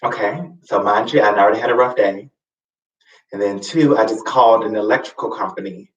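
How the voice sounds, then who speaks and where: A man hosting a live show, telling a personal story in a casual, expressive way with sassy asides and sudden high swoops for emphasis. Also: brisk, dull audio. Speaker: host. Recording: roomy, slightly distant mic.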